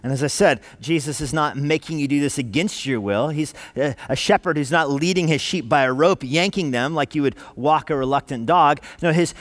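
A male pastor preaching a sermon in a church sanctuary has a voice on the high side with a fairly bright tone. He sounds earnest and emphatic, driving his point with short, repeated phrases, all recorded close and dry without echo.

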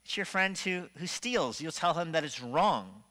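Bright-voiced pastor preaching in a reverberant hall. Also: male voice, fairly high pitch, a little slow. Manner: animated preaching with shifting loudness and rhetorical questions. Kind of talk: sermon. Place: church sanctuary. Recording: long reverb of a church hall.

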